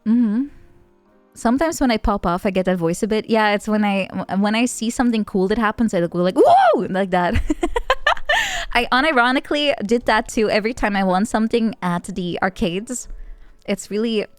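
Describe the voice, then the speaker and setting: A woman VTuber chatting casually on stream, playful and giggly, with sudden bursts of excitement. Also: medium pitch, normal speed, no room sound, soft background music.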